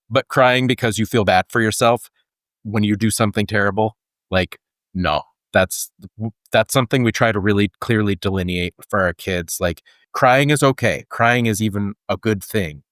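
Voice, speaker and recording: A man's voice: on the low side, moderate pace, a bit bright, no echo, studio quality. A man co-hosting a podcast, talking in earnest and thinking aloud with frequent restarts. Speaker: podcast co-host. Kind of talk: casual conversational podcast.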